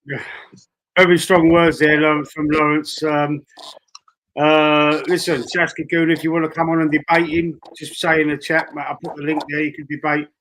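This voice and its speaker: A man hosting a live fan stream, calmly reading out chat and moderating. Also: on the high side, moderate pace, slight background noise, rough recording. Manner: easygoing, reads chat aloud. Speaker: stream host.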